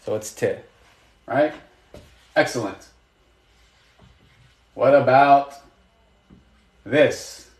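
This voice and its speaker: A man's voice: medium pitch, very slow, long pauses, a little mellow, echoey room. A man teaching a live online lesson, patient and encouraging, asking students questions and praising their answers. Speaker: Arabic teacher.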